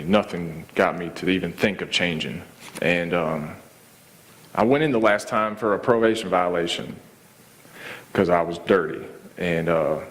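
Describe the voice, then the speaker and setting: A man sharing his personal testimony in a halting, casual way, full of fillers and restarts. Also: low voice, fairly bright tone, long reverb tail. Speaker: testimony speaker.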